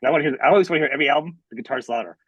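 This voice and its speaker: Very fast-talking, husky man host. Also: a little high, no echo, muffled recording. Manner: rapid, repetitive restarts. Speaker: podcast host. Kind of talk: casual conversational interview.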